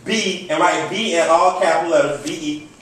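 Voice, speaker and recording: High-voiced man preaching in an echoey hall. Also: normal speed, a bit bright, far from the mic, slight background noise. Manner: commanding call-and-response, repetitive. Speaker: motivational speaker. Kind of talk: motivational speech. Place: large hall before an audience.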